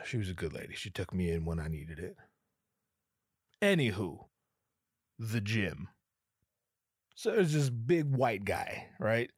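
Animated, rambling male podcast host. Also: fairly low pitch, slow pace, pauses often, breathy edge, dry recording, clean studio sound. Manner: rambling, profane, animated storytelling. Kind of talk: casual monologue.

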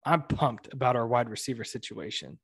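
A man's voice: medium pitch, normal speed, vocal fry, slightly rough, no room sound. A man co-hosting a casual sports podcast, talking in an upbeat, emphatic way. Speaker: podcast co-host.

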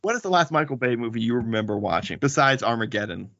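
A man's voice: medium pitch, lively intonation, quick pace, bright, forceful tone, muffled recording. A man hosting a casual movie podcast, joking and boasting playfully with his brothers. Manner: playful, boastful banter with laughs. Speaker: podcast host.

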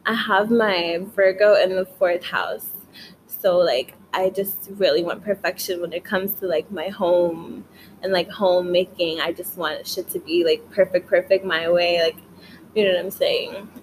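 A woman's voice: lowish voice, measured pace, slight background noise, poor audio. A young woman chatting casually in a late-night vlog, rambling and swearing, filling her talk with "like", tired but wired. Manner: rambling, profane, frequent "like" fillers. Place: her bedroom at home.

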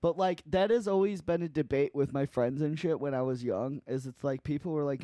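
Young male podcast co-host, dark dry voice, rambling crude banter. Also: medium pitch, a little fast, few pauses, dry recording. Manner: rambling, laughing, many restarts. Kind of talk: crude casual chat.

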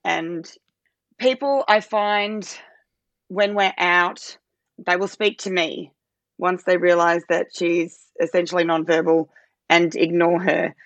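A woman's voice: on the low side, little pitch movement, slow, no echo, dull audio. A woman in her thirties, a guest on an interview podcast, explaining things earnestly with many "you know"s and "I suppose"s. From Australia. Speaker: podcast guest, parent advocate. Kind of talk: casual interview talk.

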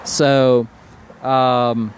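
A man's voice: mid-range voice, flat delivery, extremely slow, slight background noise. A man speaking as a brewery guest in a casual podcast conversation, easygoing and hesitant, with many fillers.

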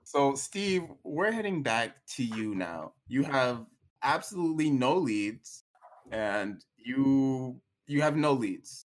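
A man's voice: mid-range voice, animated, takes it slowly. A man narrating as game master, rambling with lots of "like" and "right?". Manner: rambling, filler-heavy with frequent "like" and "right?". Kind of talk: narrating a tabletop role-play.

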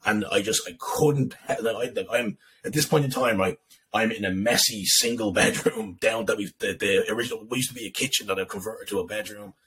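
Fast-talking man, profane storyteller. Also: lowish voice, a bit bright, husky, low-quality recording. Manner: emphatic, profane, repetitive. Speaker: guest. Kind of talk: emotional storytelling in a podcast chat.

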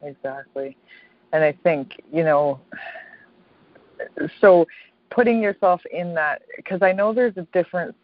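Low-voiced chatty woman, dull dry sound. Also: a little slow, long pauses, no echo. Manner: chatty, reflective, laughs often, tag questions. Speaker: podcast co-host, author. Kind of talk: casual conversation.

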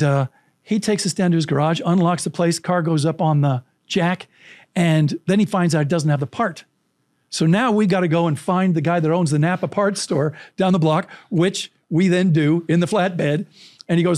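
Brief: male guest from California, lively storyteller, higher voice, dry booth sound. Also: moderate pace, no echo. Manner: animated, vivid anecdotal storytelling with acted quotes. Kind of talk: interview storytelling.

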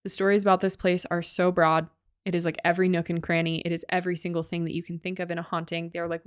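A woman's voice: lowish voice, level tone, fast talker, clean tone, dry recording. A woman co-hosting a podcast, casually retelling a ghost-hunting show with lots of "like" and the odd curse, on a close mic. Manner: loose, sweary storytelling with many likes. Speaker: podcast co-host.

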